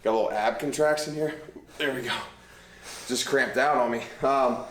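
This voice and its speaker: A man's voice: medium pitch, normal speed, slight background noise. A man, a fitness trainer, coaching a workout in his home gym, counting reps and cueing form as he lifts. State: out of breath. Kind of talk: workout instruction. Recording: roomy echo, music behind.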